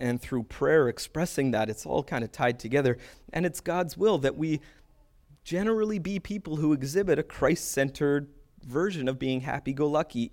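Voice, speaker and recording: Pastor guy giving a chill sermon, mid-pitched voice, lots of asides and restarts. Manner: casual, animated, with quick asides and restarts. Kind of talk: conversational sermon.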